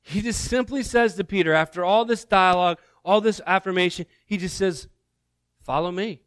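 A man giving a sermon as a guest preacher, telling the story in an animated, conversational way with casual asides. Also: high-pitched, fairly quick, clear, resonant tone, no room sound.

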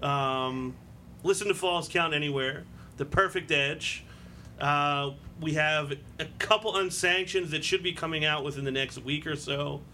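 Bright-voiced chatty male podcast host. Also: fairly high pitch, a little slow, slight background noise. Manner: chatty, laughs often. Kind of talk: casual wrestling podcast chat.

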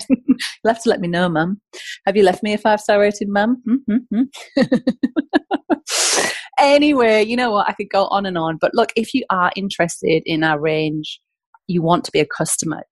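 A woman with a northern English accent hosting a podcast, talking in a chatty, animated way and correcting herself as she goes. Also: mid-range voice, no room sound. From north of England. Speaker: podcast host. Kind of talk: casual podcast monologue.

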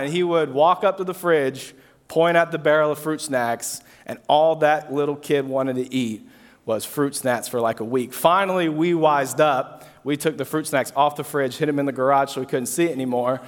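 A man's voice: on the high side, normal speed. A young man preaching a sermon to an audience, telling a story with casual asides and repeated phrases. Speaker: pastor. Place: hall with an audience. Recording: long hall reverb.

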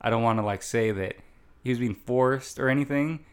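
A man's voice: medium pitch, fairly quick, clear, resonant tone. A man in casual movie chat as a podcast co-host, rambling with many fillers and restarts.

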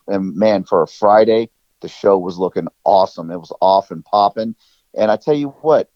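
Slangy man with a low, dull-toned voice. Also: no echo. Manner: excitable, slangy, storytelling. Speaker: podcast co-host. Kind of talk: casual podcast chat.

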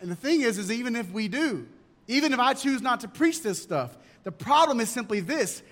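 A male pastor preaches a sermon in a church, emphatic and full of rhetorical questions. His voice is very high-pitched with a fairly bright tone, carried by a long hall reverb.

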